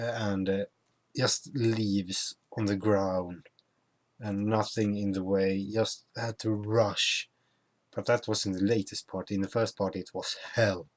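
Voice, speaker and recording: A young man who is not a native speaker of English chats through his travel vlog at an unhurried pace. His voice sits a little low, and he often stops to restart words or add fillers. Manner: halting, many restarts and fillers. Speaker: vlogger. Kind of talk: casual travel vlog chat.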